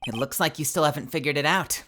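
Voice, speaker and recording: A woman's voice: deep voice, fast, noisy background, pitched below the performer's own voice, natural voice. A woman voicing a confident young male defense attorney who lays out a contradiction. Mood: assertive. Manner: assertive, explaining.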